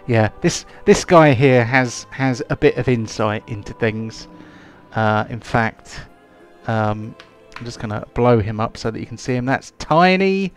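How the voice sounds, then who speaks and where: A man's voice: medium pitch, lively intonation, unhurried, soft background music. Man running a tabletop game. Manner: rambling, many fillers and restarts. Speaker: game master.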